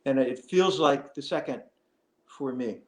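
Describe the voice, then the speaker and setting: A middle-aged man, an actor, chatting as an interview guest in a lively, playful way. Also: medium pitch, measured pace, echoey room. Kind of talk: casual interview chat.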